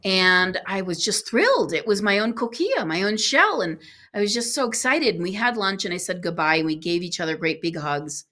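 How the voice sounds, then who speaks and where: A woman with a medium-pitched voice tells a personal travel tale at a brisk pace as a podcast guest, earnest and animated, acting out other people's lines.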